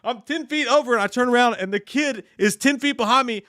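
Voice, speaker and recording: High-voiced man telling stories with animation. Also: fast, dry recording, clean studio sound. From United States. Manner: animated storyteller, swears often, reads viewer comments aloud. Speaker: podcast co-host reading chat. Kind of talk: casual live-stream chat.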